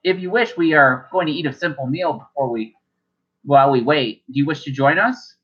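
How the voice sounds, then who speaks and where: A man's voice: fairly high pitch, fairly quick, fairly bright tone, dull audio, natural voice. A man voicing a courtly robed traveler. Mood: courteous. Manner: stiff old-fashioned courtesy. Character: formal male traveler in white robes, polite.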